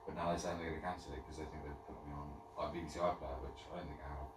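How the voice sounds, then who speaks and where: A man's voice: very deep voice, fairly even intonation, rapid-fire. A young English man on a podcast, complaining indignantly in casual chat. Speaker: podcast co-host. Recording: echoey room, mic at a distance, faint noise.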